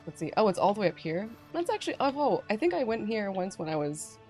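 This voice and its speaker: A woman's voice: medium pitch, big pitch swings, quick pace, darkish tone, soft background music. A woman hosting a casual game stream, chatting with a guest and reading chat aloud with frequent laughter. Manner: bubbly, laughs often, reads chat aloud. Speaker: streamer host.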